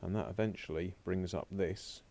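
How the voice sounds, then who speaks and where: A man's voice: low voice, steady tone, normal speed, darkish tone. A man teaching a recorded remote French lesson, chatting to himself as he works through slides on a laptop. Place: home or classroom desk at a laptop.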